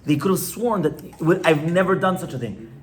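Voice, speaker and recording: A man's voice: a little high, lively intonation, moderate pace. A man, a rabbi, teaching an informal class to a live audience in a conversational way, often stopping to ask his listeners questions.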